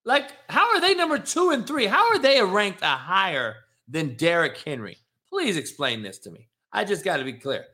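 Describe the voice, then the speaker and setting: A man hosting a sports podcast, ranting in a profane, animated, casual way. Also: very high voice, normal speed, few pauses. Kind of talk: casual chat.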